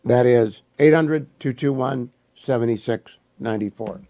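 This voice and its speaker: An older man hosting a talk radio show, reading sponsor ads live in the studio in a brisk, emphatic way while losing his voice. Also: mid-range voice, warm tone. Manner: brisk, emphatic, repeats phone numbers.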